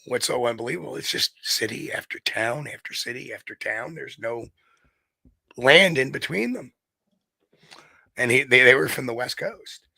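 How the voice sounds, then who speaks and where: A middle-aged man from New York State talks as an interview guest, his voice forceful and bright. He rambles and corrects himself as he explains. The sound is dry and close. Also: mid-range voice, moderate pace, creaky, no room sound. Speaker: guest researcher. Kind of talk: casual interview conversation.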